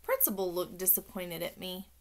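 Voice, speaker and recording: A woman's voice: lowish voice, sing-song, moderate pace. A woman narrating a children's audiobook in a playful, childlike first-person voice.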